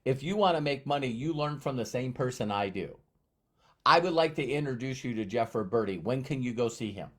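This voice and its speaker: A man's voice: medium pitch, animated, natural voice. A man putting on the voice of an enthusiastic, pushy male business mentor who fires off questions emphatically. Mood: insistent. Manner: emphatic, rapid-fire questioning.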